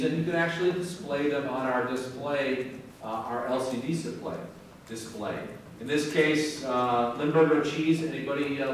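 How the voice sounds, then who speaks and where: Man lecturing in an echoey hall. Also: medium pitch. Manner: casual and joking with students. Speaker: university professor. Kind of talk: classroom lecture. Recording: echoey hall from far off with faint noise.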